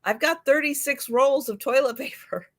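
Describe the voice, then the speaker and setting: A woman's voice: high-pitched, normal speed. A woman on a casual live video chat, speaking in a mild, matter-of-fact way. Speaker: guest on a live chat show.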